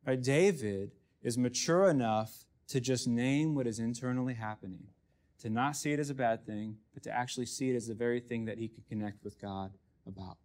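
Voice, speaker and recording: A man preaching a sermon as pastor, conversational and self-deprecating, often dropping to a hush for emphasis. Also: medium pitch, a little fast.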